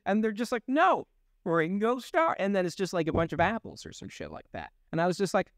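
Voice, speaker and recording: High-voiced and fast, this young adult man co-hosts a relaxed comedic podcast and works as a voice actor. He tells meandering stories animatedly and laughs often, all in a dry, studio-quality recording.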